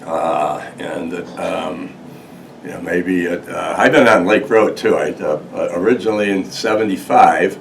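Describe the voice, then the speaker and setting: An older man with a deep voice and vocal fry gives a local history talk in a museum meeting room, speaking a little slowly to an audience. He tells his stories casually and ramblingly, restarting often and laughing along the way. A distant mic picks him up with faint noise.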